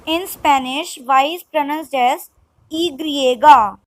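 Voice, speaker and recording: A woman with a high, light voice reads vocabulary one word at a time. Her delivery is extremely slow and deliberate, pausing between each term like a scripted drill. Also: poor audio. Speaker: language tutor.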